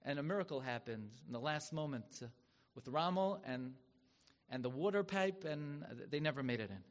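A man's voice: expressive, moderate pace. Dramatic man preaching in a hall. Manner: dramatic, swells loud and high when acting out quoted rabbis. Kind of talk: sermon storytelling. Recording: long hall reverb.

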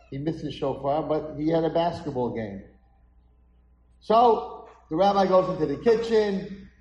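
A man's voice: fairly high pitch, warm tone, lo-fi sound. A man, a rabbi, dramatically telling a story in a sermon at an event hall. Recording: echoey hall.

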